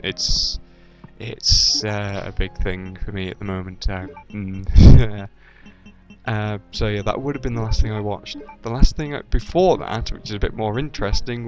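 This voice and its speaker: A man's voice: lowish voice, a little mellow. Rambling young British man, lo-fi. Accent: generic British, slight Midlands. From English Midlands. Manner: rambling, hesitant, lots of ums and self-corrections. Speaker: YouTube let's-player. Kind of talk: casual tag-video chat. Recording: dull lo-fi voice with faint game music.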